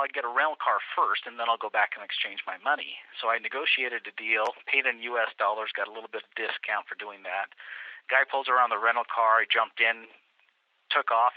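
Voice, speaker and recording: A man, a guest on a travel interview, telling a story in a lively way and acting out the voices of people he met. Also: mid-range voice, no room sound. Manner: animated storyteller, acts out quotes. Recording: tinny phone line.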